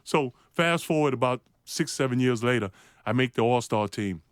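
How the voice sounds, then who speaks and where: A middle-aged man, a former pro basketball player, telling an animated, self-mocking anecdote. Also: medium pitch, normal speed, smooth, dry recording. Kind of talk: anecdote storytelling.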